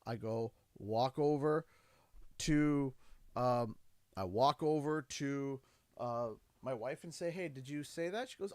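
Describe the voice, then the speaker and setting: A man's voice: medium pitch, slow, dry recording, clean studio sound. A man in his thirties, a livestream host chatting casually and acting out family conversations in quotes. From Canada. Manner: animated storytelling, acts out his kids' and his own lines in quotes.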